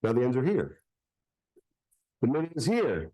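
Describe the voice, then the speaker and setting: A man's voice: a little high, wildly swooping pitch, normal speed, long pauses, dark tone, breathy edge, poor audio. A man performing a live magic show for children at a public library, joking playfully with the crowd.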